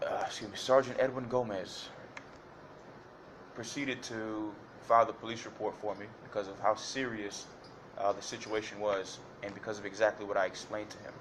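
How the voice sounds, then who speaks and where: Deep-voiced man testifying to a judge. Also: little pitch movement, normal speed, a bit bright, a little hiss or hum. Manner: detailed, repetitive, hesitant with fillers and restarts. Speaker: defendant addressing a judge. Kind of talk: courtroom testimony.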